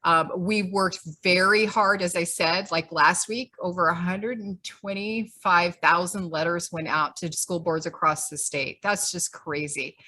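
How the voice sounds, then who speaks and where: A woman's voice: lowish voice, steady tone, unhurried, few pauses, sharp tone. A woman leading a grassroots group, giving rousing, conversational closing remarks on a video call. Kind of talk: closing remarks at an online meeting.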